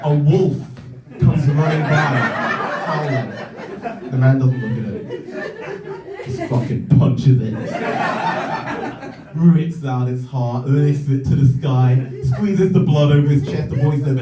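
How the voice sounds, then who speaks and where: A young man performing a stand-up comedy set in a comedy club, telling stories with lively energy that climbs into excited shouts, with audience laughter behind him. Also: fairly high pitch, unhurried, a loud crowd. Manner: animated storytelling, rising to shouts in excitement. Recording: echoey room, heard from a distance.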